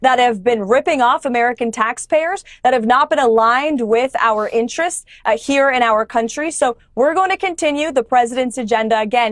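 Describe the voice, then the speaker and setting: A woman's voice: on the high side, dry recording, clean studio sound. A woman speaking as a government spokesperson in an interview, firm and polished. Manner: firm, polished, talking points. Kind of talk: press interview.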